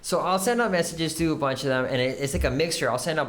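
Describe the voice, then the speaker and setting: A young man in casual chat, telling dating stories in a loose, profane ramble. His voice sits slightly higher than most men's, and he keeps breaking into quick impressions of the people he describes. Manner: rambling, profane, animated storytelling. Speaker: podcast co-host.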